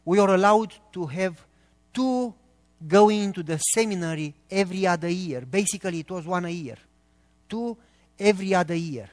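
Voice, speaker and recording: Romanian accent guy preaching, kinda high voice, long hall echo. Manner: earnest, talks quickly when excited, pauses between phrases. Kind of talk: sermon. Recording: long reverb of a large hall.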